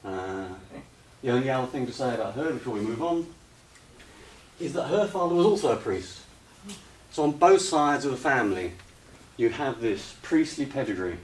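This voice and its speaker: A man giving a slide presentation to an audience, hesitant with many ums, relaxed and gently humorous. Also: medium pitch, moderate pace. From United Kingdom. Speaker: lecturer. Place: retreat lecture room with audience. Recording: roomy echo, distant mic, faint hiss.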